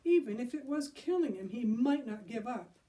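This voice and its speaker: A woman's voice: a little high, animated, normal speed, warm tone, far from the mic, lightly acted. A woman voicing an anxious young boy who frets and worries. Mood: worried. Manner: fretful, worried.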